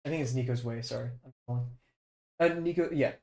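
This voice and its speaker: Young man, casual stream chat, rambling, lots of fillers, muttering while drawing, mid-pitched voice. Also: fast talker, mellow. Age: young adult.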